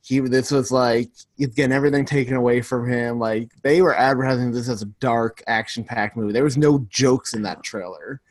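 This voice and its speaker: A man's voice: mid-range voice, steady tone, fairly quick, hardly any pauses, no echo. A man co-hosting a podcast in casual chat, talkative and full of "like" fillers. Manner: talkative, fills speech with "like". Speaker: podcast co-host.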